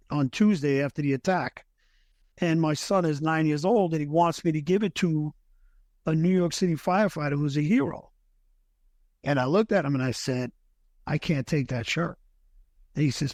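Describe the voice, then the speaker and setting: A middle-aged man, a retired firefighter, telling a personal story as a podcast guest, earnest and halting, often restarting his sentences and sometimes thick with emotion. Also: a little high, a little mellow, no echo.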